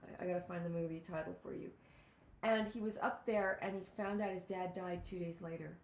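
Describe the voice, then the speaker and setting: A woman hosting a talk show, telling stories in an animated way with lots of exclamations. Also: fairly low pitch, brisk, echoey room, low-quality recording. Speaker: host. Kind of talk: casual storytelling chat.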